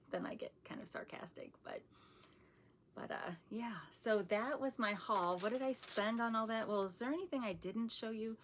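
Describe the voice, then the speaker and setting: A woman's voice: a little high, normal speed, a little hiss or hum. A middle-aged woman chatting casually on her channel as she shows off a shopping haul, rambling and laughing often, and calling herself sarcastic. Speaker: vlogger showing a shopping haul.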